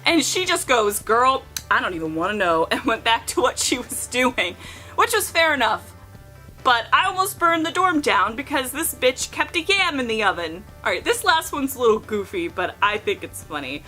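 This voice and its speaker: A young woman in her twenties tells casual stories in a high, bouncy voice with a bright edge. She is animated and profane and jumps into little voices for the people she quotes. Soft music plays faintly under her. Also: normal speed. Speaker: vlogger. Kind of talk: casual storytelling.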